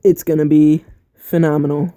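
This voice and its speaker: A man's voice: a little high, little pitch movement, moderate pace, warm tone, no room sound. A young man co-hosting a casual movie review chat, blunt and opinionated.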